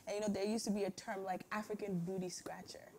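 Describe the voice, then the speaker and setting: A woman's voice: medium pitch, flat delivery, fast, warm tone, slight background noise. A young woman guest chatting casually and openly telling stories of growing up. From grew up abroad, Ghanaian parents. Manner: open, storytelling. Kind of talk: casual chat.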